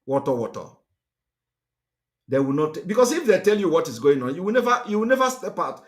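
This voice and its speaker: A man's voice: high voice, big pitch swings, quick pace. A man with a Nigerian accent gives a fiery, repetitive, emphatic political monologue as a livestream host.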